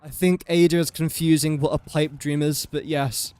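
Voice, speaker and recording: A man's voice: on the high side, little pitch movement, moderate pace, a little mellow, clean tone, dry recording. A young man casually commentating his gameplay on a livestream, chatty and joking at his own expense. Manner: chatty, self-mocking, joking asides. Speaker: gaming livestreamer.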